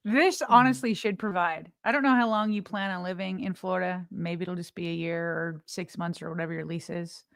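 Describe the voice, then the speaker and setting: A woman co-hosting a podcast, chatting casually, teasing and quick, laughing often. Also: on the low side, fairly even intonation, gravelly, no room sound, studio quality. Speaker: podcast co-host. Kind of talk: casual chat.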